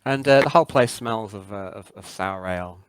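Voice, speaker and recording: A man's voice: fairly low pitch, brisk, clear, resonant tone. A man narrating as game master of a tabletop game, hesitant with many fillers.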